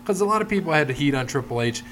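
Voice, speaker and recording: A man's voice: a little high, expressive, racing, a bit bright, slight background noise. A middle-aged man hosting a casual podcast, telling long stories with a lot of swearing. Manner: rambling, profane storyteller. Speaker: podcast host.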